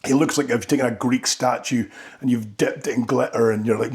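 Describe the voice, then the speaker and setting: A man's voice: medium pitch, steady tone, fairly quick, darkish tone. Rambling man doing a comic rant. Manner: rambling, tags lines with "right?". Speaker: comedy vlogger. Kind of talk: comedic monologue.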